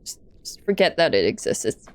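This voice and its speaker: A woman's voice: low voice, sing-song, a little fast, darkish tone, no room sound. A young woman streaming a game, making goofy, self-amused asides as she plays. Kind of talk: let's-play commentary.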